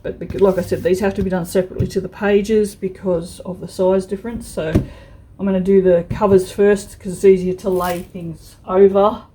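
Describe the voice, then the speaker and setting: Frank, chatty woman with a mellow voice. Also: medium pitch, little pitch movement, moderate pace, a little hiss or hum, poor audio. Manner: frank, chatty, with restarts and mild swearing. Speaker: vlogger and crafter. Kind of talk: casual chat while crafting.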